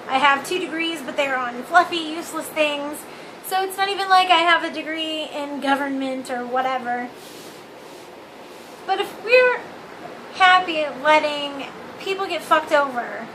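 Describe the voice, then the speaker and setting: A woman's voice: high voice, bright, forceful tone, a little hiss or hum, low-quality recording. A young woman vlogging from her living room on a phone, ranting candidly with swearing and self-mockery. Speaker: vlog host. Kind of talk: casual opinion rant to camera.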